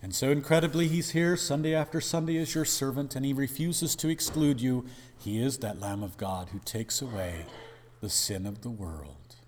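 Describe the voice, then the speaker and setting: A man's voice: on the low side, expressive, normal speed, big-room sound, slight background noise. A male pastor preaching a sermon in an emphatic, dramatic way, with rhetorical questions.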